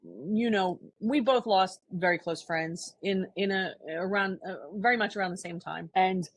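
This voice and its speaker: A woman's voice: medium pitch, normal speed. A woman co-hosting a podcast, talking earnestly and reflectively in casual conversation, often restarting her sentences. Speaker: podcast co-host.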